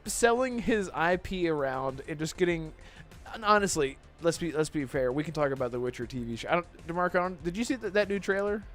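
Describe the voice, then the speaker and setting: High, lively, excitable man ranting. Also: fairly quick, faint music behind. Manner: excitable, laughs often, swears while ranting. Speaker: podcast host. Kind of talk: casual chat.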